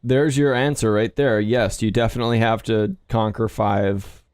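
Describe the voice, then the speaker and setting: A man's voice: on the low side, steady tone, normal speed, darkish tone, smooth, no echo, clean studio sound. Tipsy man bantering over a game. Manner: bantering, argumentative. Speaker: let's play co-host. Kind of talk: casual gaming chat.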